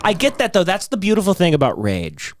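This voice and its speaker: Lively, profane male podcast host. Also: fairly quick, slight background noise. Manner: animated, profane, acts out quotes in high voices. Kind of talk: casual comedic chat.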